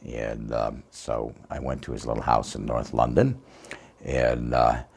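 A dialect coach, a man, telling an anecdote in an expressive storytelling way. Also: extremely low pitch, a little slow, creaky, slightly rough. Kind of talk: anecdotal interview.

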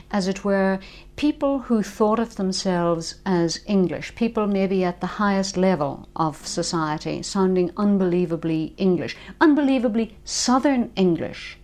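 A woman's voice: mid-range voice, a little mellow. A woman from Ireland with an Irish accent, explaining language history in an interview, thoughtful and with hesitations. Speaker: language expert.

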